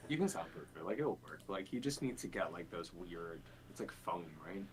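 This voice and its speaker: Deep voiced guy on a dev stream, rambly, lots of um and like, light background hiss. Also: lively intonation, moderate pace, rough recording. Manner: rambling, thinks aloud with many fillers. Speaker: game developer streaming. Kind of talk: casual dev stream chat.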